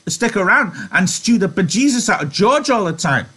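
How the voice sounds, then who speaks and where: A man's voice: high-pitched, normal speed, fairly bright tone, slightly rough, voice pushed up. A man reading aloud and voicing a scolding elderly aunt, imagined by a simple-minded man, who nags and reproaches. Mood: sharp. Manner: nagging, reproachful.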